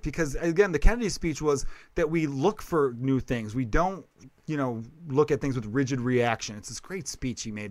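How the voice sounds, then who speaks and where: His voice sits on the high side and the recording has no room sound. He's a comedian hosting an easygoing podcast, rambling profanely and stumbling over his own words as he interrupts himself.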